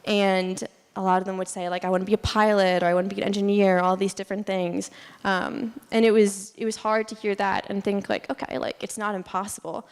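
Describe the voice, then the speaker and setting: A woman's voice: mid-range voice, little pitch movement, fairly quick, a little mellow, smooth. A young woman giving a casual student presentation, chatty with many fillers and frequent laughs. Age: young adult. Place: lecture hall. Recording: long reverb in a hall.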